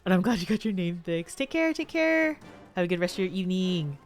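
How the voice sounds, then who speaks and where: A woman's voice: on the low side, sing-song, fairly quick, faint music behind. A woman streaming a video game live, chatting to her viewers and playfully whining and pleading at the game with frequent laughs. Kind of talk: live gameplay stream commentary.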